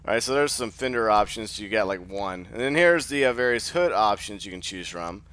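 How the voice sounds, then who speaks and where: Man, sleepy, casual gameplay commentary, rambling with fillers, lowish smooth voice. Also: expressive, fairly quick, a bit bright. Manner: rambling, filler-heavy, thinks aloud. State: sleepy, just woke up. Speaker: gaming channel host.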